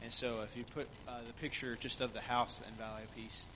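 A male pastor giving a relaxed church report on a mission trip, with many fillers. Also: medium pitch, a little fast, long reverb tail, a little hiss or hum.

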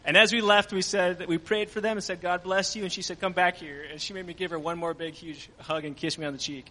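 Man, higher voice, bright tone, earnest mission testimony, reverberant hall. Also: steady tone, fast talker, slight background noise. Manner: earnest storytelling with frequent fillers. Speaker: mission trip team member.

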